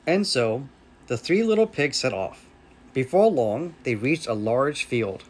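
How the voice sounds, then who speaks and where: A man with an American accent reading a children's story aloud in a slow, expressive way. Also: medium pitch.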